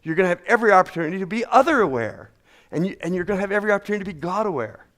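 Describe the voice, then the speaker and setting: A middle-aged man preaching a sermon in an animated, folksy way, repeating phrases for emphasis. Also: high voice, racing. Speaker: pastor.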